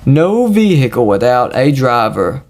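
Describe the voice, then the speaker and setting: Gravelly man, solo podcast rant, crude and profane, rambling. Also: medium pitch, sing-song, measured pace, a little mellow. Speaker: podcast host.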